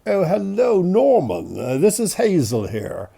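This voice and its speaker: Brisk commanding mother figure, older woman doctor, voiced by a man with a cold, husky and animated. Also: sits high, voice pushed up, exaggerated voice. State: has a cold.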